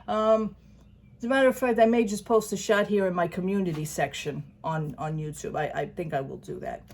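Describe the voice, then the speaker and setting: A woman's voice: lowish voice, brisk, a little mellow. A woman chatting casually to her channel, telling a long story and acting out both sides of a conversation. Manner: chatty storyteller, acts out dialogue, laughs often. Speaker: vlogger. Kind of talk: casual chat to camera.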